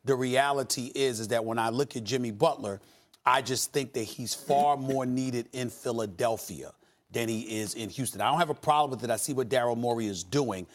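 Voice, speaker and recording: A man's voice: medium pitch, moderate pace, slight background noise. A man arguing his point on a sports debate show, emphatic and repetitive as he builds his case. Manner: emphatic, repeats himself while building an argument.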